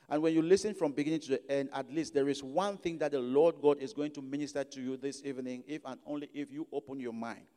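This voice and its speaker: A man's voice: medium pitch, mellow. A man from Africa with an African accent, preaching a sermon in church, emphatic and repeating phrases for stress. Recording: long reverb of a large hall.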